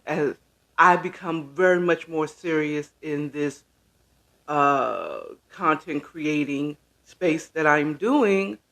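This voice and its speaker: Man, casual live-stream host, high voice, unhurried delivery, greets viewers by name. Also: fairly bright tone. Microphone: camera setup with ring light.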